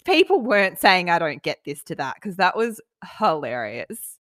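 A woman's voice: on the low side, wildly swooping pitch, moderate pace, a bit bright. A woman co-hosting a podcast, chatty and full of "like" fillers. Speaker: podcast co-host. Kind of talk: casual chat.

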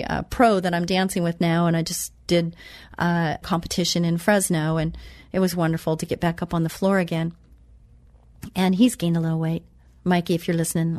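A woman giving a motivational talk. She quotes scripture slowly and with emphasis, then chats about her own life. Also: fairly low pitch, dry recording. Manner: chatty and personal, tells anecdotes. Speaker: self-empowerment speaker.

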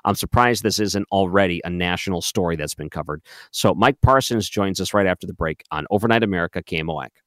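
A man's voice: quick pace, fairly bright tone, dry recording, studio quality. A man hosting an overnight radio talk show, chatty and joking as he brings on a guest. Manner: chatty, jokes about deep radio voices. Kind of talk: casual talk radio interview.

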